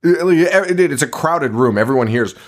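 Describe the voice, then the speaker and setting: A man's voice: fairly high pitch, animated, unhurried. A man co-hosting a podcast, recapping a horror movie in casual chat, swearing often, laughing and acting out the characters' lines. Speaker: podcast co-host.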